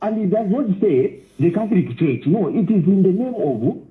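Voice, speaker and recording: Emphatic caller on a tinny phone line. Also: male voice, high-pitched, big pitch swings, moderate pace. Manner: emphatic, repeats words while explaining. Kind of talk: call-in radio talk.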